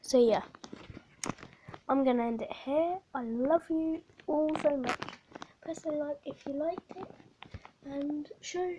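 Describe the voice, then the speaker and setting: Unwell woman, whispery, high voice. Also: slow, pauses often, noisy background. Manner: often drops to a whisper, coos at her pet. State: unwell, short of breath. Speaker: pet vlogger. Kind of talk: casual vlog, talking to her hamster.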